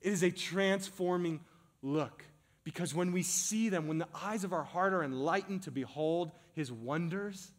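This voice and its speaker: A man preaching a sermon as pastor, building to emphatic repeated calls and easing into a hushed, slower prayer. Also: fairly high pitch. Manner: slows and softens into a hushed prayer.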